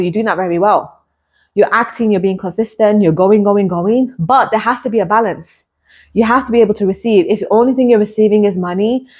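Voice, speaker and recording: Her voice is mid-range and a little mellow as this podcast host and hypnotist coach delivers a personal monologue. Candid and reflective, she makes her points through repeated parallel phrasing.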